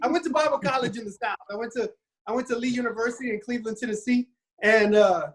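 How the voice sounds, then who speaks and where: A man's voice: extremely high pitch, fast. A man retelling a Bible story in a loose, casual podcast chat. He rambles and stumbles over his words, restarting sentences as he goes. He acts out the characters' lines in little quoted voices.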